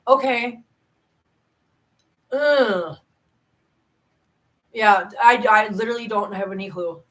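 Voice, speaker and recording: A channel host in her 40s reads comments and chats casually on her livestream, her medium-pitched voice captured in poor audio. She's animated and self-deprecating, rambling along in quick bursts.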